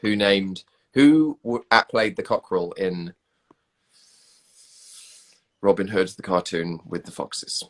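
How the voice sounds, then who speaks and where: A man's voice: low-pitched, expressive, takes it slowly, long pauses. A man, chatting casually on a livestream and answering viewer comments. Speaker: livestream host reading comments. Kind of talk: casual chat.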